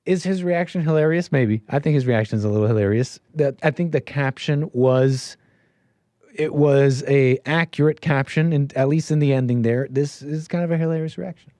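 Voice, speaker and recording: Man, show host, sarcastic commentary, slightly high voice, dry close mic. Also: moderate pace, no echo. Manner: sarcastic, mocking, animated asides. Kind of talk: casual commentary on a clip.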